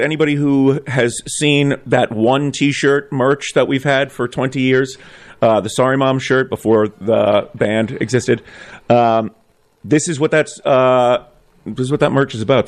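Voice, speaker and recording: Joking male radio co-host. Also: medium pitch. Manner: joking, riffs with mock voices. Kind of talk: casual banter on live radio.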